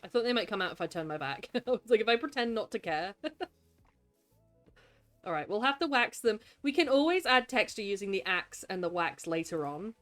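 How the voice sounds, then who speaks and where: A woman hosting a live gameplay stream, her pitch rising and falling all over the place. She keeps up a friendly running chat, greeting and thanking viewers and coaxing things in the game. Soft music plays faintly behind her. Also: animated, fairly quick.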